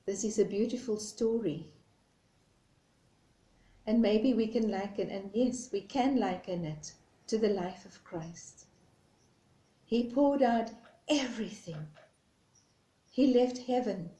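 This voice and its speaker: A woman, a nun, telling a parable in a gentle sermon, measured and drawn out, recorded in an echoey room. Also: mid-range voice. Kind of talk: slow storytelling sermon.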